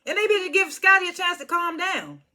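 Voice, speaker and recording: A woman's voice: very high-pitched, expressive, normal speed, bright, forceful tone. Chatty woman recapping reality TV. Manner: chatty, laughs often, mimics cast members. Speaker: reality show reviewer. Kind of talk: casual recap commentary.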